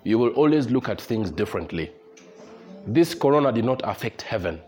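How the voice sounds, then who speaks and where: A medium-pitched, slightly mellow man preaches a bit quickly with lively intonation, faint music playing behind. At a church service, the pastor hammers his points home through repetitive exhortation and leads the congregation in prayer.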